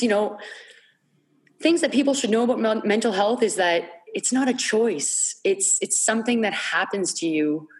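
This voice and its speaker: Woman, 30s, podcast guest, earnest and emotional storyteller. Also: medium pitch. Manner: emotional, earnest, repeats herself when searching for words. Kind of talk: candid personal storytelling.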